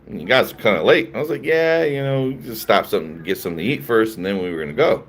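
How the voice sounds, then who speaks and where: Laughing, animated Philly man telling a story. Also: on the low side, normal speed, long pauses. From Philadelphia. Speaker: streamer. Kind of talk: casual storytelling to live chat.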